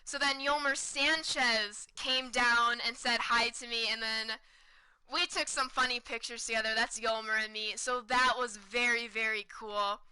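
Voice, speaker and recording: Bright excited young woman streamer. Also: fairly high pitch, unhurried, smooth, low-quality recording. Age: 20s. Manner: excited, chatty, repeats words for emphasis. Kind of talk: casual storytelling to stream chat.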